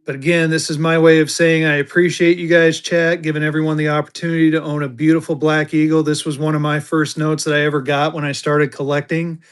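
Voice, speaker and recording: A man's voice: a little high, monotone, fairly quick, few pauses, clear, resonant tone. A man selling banknotes on a live stream, chatting casually with fillers and thanking his buyers. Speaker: livestream seller. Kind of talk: casual live auction chat.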